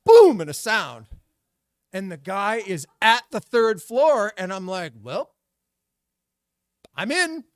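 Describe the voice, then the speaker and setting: A middle-aged man tells a story on stage, and his voice rises and falls widely as he acts out the voices and sound effects. His voice sits a little high for a man, and the sound is dry and close. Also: sing-song, slow pace, smooth, no echo. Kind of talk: live storytelling performance.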